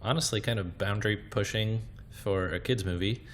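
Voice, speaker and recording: A man's voice: lowish voice, normal speed, a little hiss or hum. A man co-hosting a podcast in casual chat, wry and musing. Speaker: podcast co-host.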